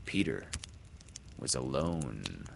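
A man reading a children's story aloud in a dramatic way, swinging from loud calls to soft whispers. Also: a bass voice, sing-song, takes it slowly, creaky, background noise.

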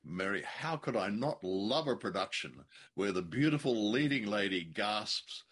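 A man's voice: mid-range voice, lively intonation, moderate pace, hardly any pauses, bright, forceful tone, husky. A man co-hosting a podcast, casual and wry as he discusses an old radio play. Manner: wry, playful. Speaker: podcast co-host. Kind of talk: casual chat.

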